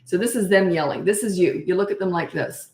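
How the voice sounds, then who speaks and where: An older woman coaching parents in a blunt, animated way, answering questions and acting out how to talk. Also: on the low side, brisk, roomy sound. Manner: blunt, animated, acts out parent and child voices.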